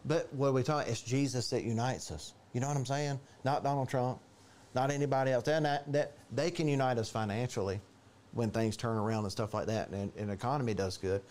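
A man preaching a conversational sermon in a church, animated and chatty, acting out quoted voices. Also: fairly quick. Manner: animated, storytelling, jumps to higher pitch for quoted voices. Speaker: pastor.

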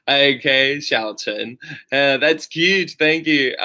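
On a laid-back live stream, a man teaches English with lots of energy, slowing down to repeat phrases and spell them out. His mid-range voice sounds pushed and bright.

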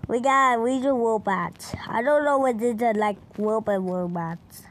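A woman's voice: a little high, a little slow, slight background noise. A woman giving casual, rambling commentary while playing a video game, often confused by what happens on screen. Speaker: gamer.

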